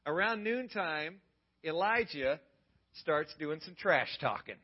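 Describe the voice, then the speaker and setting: A man preaching a sermon as a pastor, retelling a story dramatically and swinging from loud to hushed. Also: fairly high pitch, animated, takes it slowly, slightly rough, dull audio.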